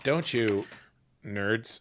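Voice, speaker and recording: A man hosting a casual livestream chat into a desk microphone, rambling and halting with lots of fillers and restarts. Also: lowish voice, a bit bright, a little hiss or hum. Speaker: livestream host.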